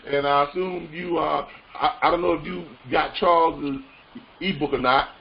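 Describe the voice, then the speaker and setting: A man gives a coaching talk over a call, his fairly high voice leaning on repetition and lively retellings. The sound is muffled and lo-fi. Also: normal speed, gravelly, a little hiss or hum. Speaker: freight broker trainer. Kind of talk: motivational training call.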